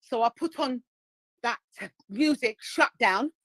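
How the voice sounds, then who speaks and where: A woman phones in to a live stream, her fairly high voice coming through dry and close. She tells her story indignantly and switches into the voices of the other people in it. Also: slow pace, no echo, low-quality recording. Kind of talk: animated storytelling.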